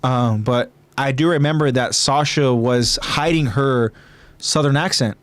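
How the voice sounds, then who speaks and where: A man's voice: mid-range voice, measured pace. A man hosting a podcast in casual chat, rambling with many fillers and restarts. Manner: rambling, filler-heavy, hesitant. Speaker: podcast host.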